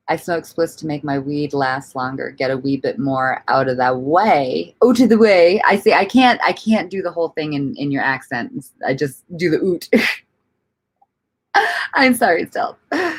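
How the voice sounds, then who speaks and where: A woman with a low voice chats on a livestream, reading comments aloud and answering them. Her pitch swings widely as she rambles. She laughs often, stumbles over words, and swears freely. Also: husky. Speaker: livestream host.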